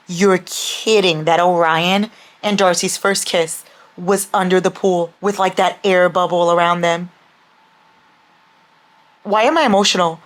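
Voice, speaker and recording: Excitable young woman gushing over a book. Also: lowish voice, a little slow, long pauses. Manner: excitable and gushing, laughs often, swears casually. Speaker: book vlogger. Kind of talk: casual reading vlog chat.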